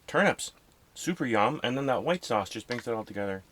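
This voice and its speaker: A man talks in a playful, upbeat way with his friend. His voice sits at an ordinary middle pitch for a man. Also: lively intonation, a little fast, fairly bright tone. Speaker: camping companion. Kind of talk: casual chat.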